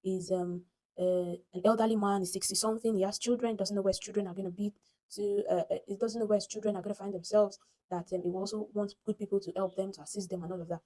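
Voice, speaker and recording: A woman with a Nigerian accent tells a story casually to her phone camera, animated and dramatic, acting out the voices she quotes. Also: medium pitch, fast talker, low-quality recording. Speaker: vlogger.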